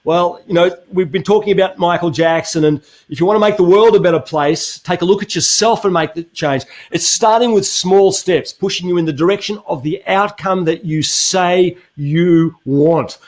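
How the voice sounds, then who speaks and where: A man's voice: high voice, normal speed, few pauses. A man, a motivational speaker who talks earnestly in a webinar and poses rhetorical questions. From Australia. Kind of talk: webinar conversation.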